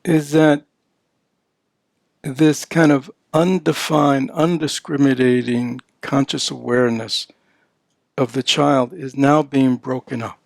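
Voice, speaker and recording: Older man, dharma teacher, slow talk, gravelly, dry close sound, conversational. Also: medium pitch, fairly even intonation, no room sound. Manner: conversational, peppered with "you know" and "right?"; voices playful baby-talk examples.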